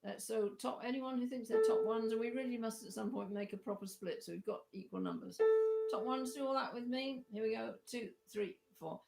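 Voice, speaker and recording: A woman leading an online choir rehearsal, chatty and hesitant, with a croaky voice, often breaking into sung parts. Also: on the high side, brisk, over loud music. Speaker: choir leader.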